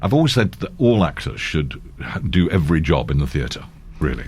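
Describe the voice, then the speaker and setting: A man's voice: extremely low pitch, big pitch swings, fairly quick, a little mellow, slightly rough. An older male actor chatting as an interview guest, telling rambling anecdotes with frequent restarts and easy laughter. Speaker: actor and voiceover artist guest. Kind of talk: casual interview chat.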